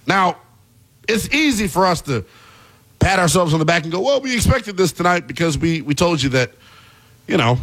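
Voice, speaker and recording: A man hosting a basketball talk show, delivering an animated, exasperated commentary rant with plenty of emphasis. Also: medium pitch. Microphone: earpiece in studio.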